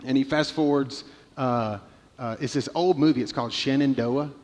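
A man's voice: medium pitch, normal speed, darkish tone, big-room sound. A man in his thirties preaching a sermon, telling a personal story with many restarts and fillers. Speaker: pastor.

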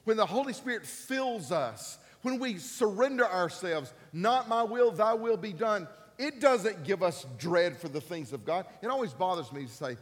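A man's voice: high voice, expressive, normal speed, few pauses. Emphatic preacher man in his fifties. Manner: emphatic, repeats key phrases, rising to loud peaks. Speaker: pastor. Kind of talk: sermon. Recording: long reverb of a church hall.

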